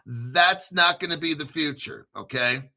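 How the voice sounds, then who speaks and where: A middle-aged man reads a news article aloud for his crypto channel in an unhurried, drawn-out delivery. His voice sits high and sounds sharp and bright. He keeps breaking off into excited, profane jokes and answers his own remarks. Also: gravelly. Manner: excitable, profane, jokes and talks back to himself. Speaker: crypto commentary host. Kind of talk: casual solo commentary reading an article aloud.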